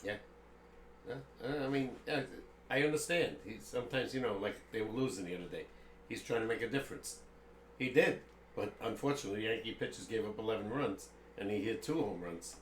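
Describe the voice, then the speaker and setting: A man's voice: on the low side, brisk. An older man co-hosting a live sports stream, talking baseball in an easygoing, reminiscing way. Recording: roomy echo with faint background noise.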